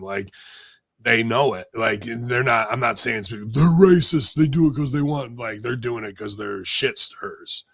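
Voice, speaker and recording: Gravelly-voiced man, bright and blunt. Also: on the low side, no room sound. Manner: profane, blunt, rambling. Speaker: podcast co-host. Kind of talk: casual commentary.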